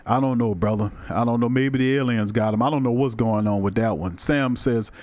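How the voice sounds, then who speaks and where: A man hosting a live sports podcast in casual chat, loose and animated as he reads viewer comments aloud. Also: medium pitch, brisk, no echo. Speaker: podcast host.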